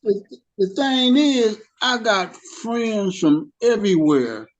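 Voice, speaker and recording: A middle-aged man speaks in a support group, his voice sitting a little high for a man. He tells his story heatedly, stumbling over repeated words as he goes. The recording sounds dull and lo-fi. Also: lively intonation, takes it slowly. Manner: heated storytelling with stammered restarts. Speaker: formerly incarcerated group member.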